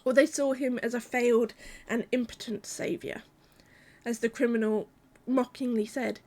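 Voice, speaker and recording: A woman delivering a sermon in a calm, measured, reflective way. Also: fairly high pitch. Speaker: preacher.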